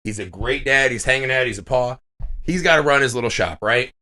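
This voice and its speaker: A man's voice: mid-range voice, fairly quick. A man in casual podcast chat, telling stories with lots of swearing. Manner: animated storytelling, swears freely. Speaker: podcast co-host.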